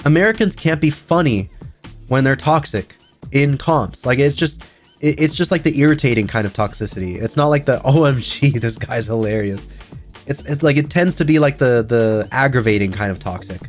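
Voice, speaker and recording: A man in an ordinary mid-pitched voice, talking casually to his stream chat. He rambles, restarts and leans on fillers, and soft music plays faintly underneath. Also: lively intonation, fairly quick. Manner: rambling, filler-heavy, chatty. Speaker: VTuber streamer.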